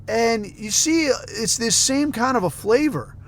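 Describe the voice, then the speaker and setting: A man's voice: very high-pitched, lively intonation, a little slow. A man from the United States, hosting a podcast and ranting in a heated, profane, sarcastic way. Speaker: podcast host.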